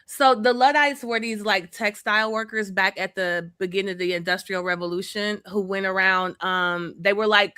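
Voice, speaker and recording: A woman's voice: medium pitch, pushed and bright, clean tone, no echo, clean studio sound. A woman co-hosting a podcast, explaining history in a casual, chatty way with fillers and the odd swear. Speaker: podcast co-host.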